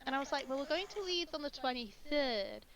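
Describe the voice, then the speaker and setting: A young woman chatting casually on a voice call before a tabletop game, talking in quick repetitive bursts and giggling often. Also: high voice, expressive, a crowd in the background.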